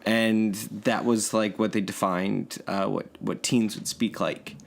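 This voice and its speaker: A man's voice: on the low side, fairly even intonation, unhurried, gravelly, slight background noise. A man in a casual podcast chat, rambling and good-humored, chuckling between thoughts. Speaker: podcast co-host. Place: indoors in Yonkers, New York.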